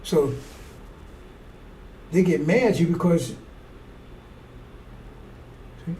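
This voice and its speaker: A man's voice: fairly high pitch, animated, measured pace, dark tone. A man preaching a rambling, fiery sermon in a blunt, profane way. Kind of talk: fiery street-style sermon. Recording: distant mic with faint noise.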